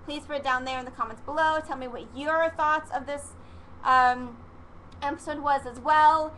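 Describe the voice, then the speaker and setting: A young woman with a high, bright voice rattles through an episode recap, rambling and excitable, dropping casual swears and acting out what the characters say. Her chatty vlog is recorded with a faint hiss of background noise behind her. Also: normal speed, rough recording. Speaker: vlogger reviewing a TV episode.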